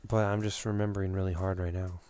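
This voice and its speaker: A man's voice: deep voice, flat delivery, fast, darkish tone, faint music behind. A young man hosting a let's play, rambling and reminiscing through his commentary with lots of fillers, a bit out of breath.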